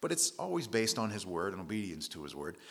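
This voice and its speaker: A man's voice: low-pitched, sing-song, fast talker, gravelly. A man preaching a conversational sermon, retelling scripture in everyday words with casual asides.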